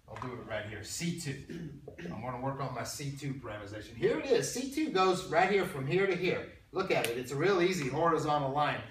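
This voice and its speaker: A man's voice: mid-range voice, fairly bright tone, far from the mic. A man teaching a math class in a casual, conversational way, often repeating words and firing questions at the students. His voice is picked up from across a roomy, echoing classroom. A faint hiss of noise sits under the recording. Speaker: math instructor. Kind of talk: classroom lecture.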